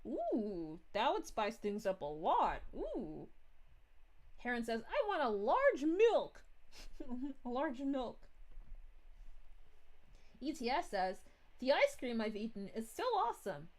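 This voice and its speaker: A woman voicing a bubbly, giggly young princess while reading chat live in character, with drawn-out "ooh"s. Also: a little high, huge pitch swings, heavily acted. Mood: cheerful. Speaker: VTuber streamer.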